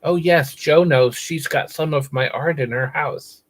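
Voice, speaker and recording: Speaking at a measured pace in a fairly high voice, an American man chats with viewers on his casual livestream. He keeps repeating words for crude, silly jokes, and the audio is poor.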